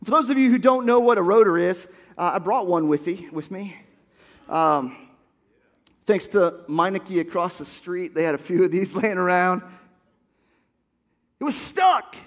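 A man preaching a sermon, telling a story and building to shouted exhortation. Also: sits high, a little slow, long pauses, long reverb tail. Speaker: pastor.

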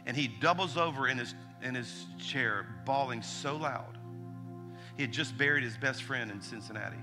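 A pastor preaching with animated storytelling, stopping and restarting as he acts out voices. His voice sits in a middle pitch. Music plays clearly underneath him. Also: normal speed. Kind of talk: sermon storytelling.

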